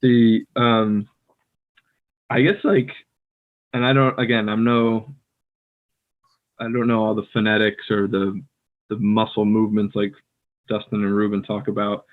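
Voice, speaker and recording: A man with an American accent, co-hosting a casual podcast chat in a relaxed, rambling way with many fillers, heard over a video call. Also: fairly low pitch, a little slow, long pauses. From United States. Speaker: podcast co-host. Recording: tinny phone-like call audio.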